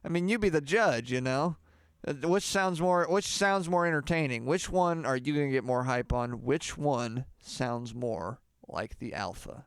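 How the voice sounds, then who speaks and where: A man giving a deadpan mock singing lesson, rambling and halting with lots of filler words. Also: medium pitch, clear, resonant tone, dry recording, studio quality. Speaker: comedy mock singing teacher.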